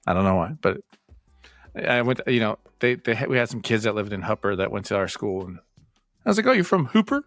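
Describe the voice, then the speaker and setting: Male podcast co-host, low pitch, playful joker. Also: animated, brisk, fairly bright tone, dry recording, faint music behind. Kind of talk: casual chat.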